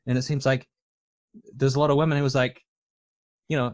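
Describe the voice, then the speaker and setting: A man's voice: mid-range voice, little pitch movement, brisk, pauses often. A man talking casually on a discussion panel, rambling with lots of fillers and restarts.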